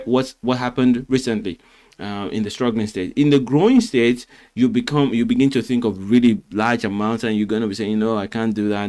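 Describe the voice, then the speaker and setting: Earnest man coaching on marriage. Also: mid-range voice. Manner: earnest, repeats words, many fillers and restarts. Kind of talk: motivational Christian talk.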